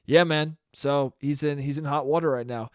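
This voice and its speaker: Male podcast host, profane solo comedy rant, clear slightly high voice, close dry mic. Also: fairly even intonation, moderate pace, dry recording. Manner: profane, ranting, laughs at own jokes.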